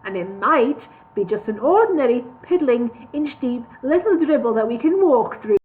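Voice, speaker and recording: A woman's voice: high voice, expressive, moderate pace. A woman voicing a gloomy, hesitant male dwarf guide who talks warily and stumbles over his words. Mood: wary. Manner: hesitant, wary, with stammered restarts. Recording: tinny phone-like sound.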